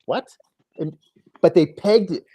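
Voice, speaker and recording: A man's voice: medium pitch, expressive, normal speed, darkish tone. A man with a Michigan accent chatting casually and explaining things step by step. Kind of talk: casual chat.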